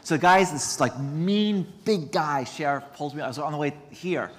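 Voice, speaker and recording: A man's voice: a little high, moderate pace, long reverb tail, a little hiss or hum. A man, a doctor, giving a conference lecture in a chatty, self-deprecating way, mixing medical points with stories.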